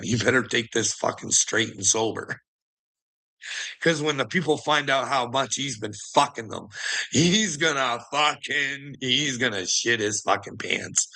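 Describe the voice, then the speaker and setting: Male commentator, bright tone, mocking and profane, frequent laughter. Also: medium pitch, gravelly. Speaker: online commentator. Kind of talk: casual rant.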